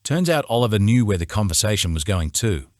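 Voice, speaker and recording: Deep-voiced male audiobook narrator. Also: very animated, a little fast, darkish tone, no room sound, clean studio sound. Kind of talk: scripted first-person narration.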